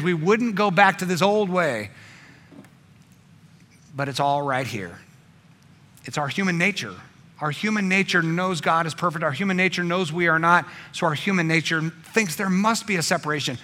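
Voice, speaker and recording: A man preaching a sermon with a bright, forceful tone that sits a little higher than most men's. His delivery swings between emphatic, pressing passages and quiet, hushed ones. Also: lively intonation, normal speed. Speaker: pastor.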